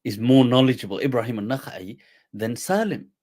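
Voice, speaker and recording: A man voicing a witty, laid-back male scholar who answers in a relaxed, teasing way, with a husky voice. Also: medium pitch, fairly quick, natural voice.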